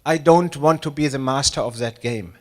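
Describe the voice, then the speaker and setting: At a live public event, a German space agency director in his sixties talks in accented English, his medium-pitched voice keeping a moderate pace. His delivery is halting and self-deprecating, full of fillers and restarted sentences.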